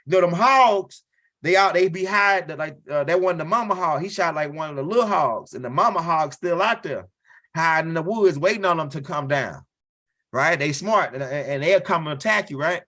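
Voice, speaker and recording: Bright-voiced profane stand-up storyteller man. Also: fairly high pitch, expressive, moderate pace. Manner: loose, profane storytelling with frequent "right?" tags. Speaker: stand-up comedian.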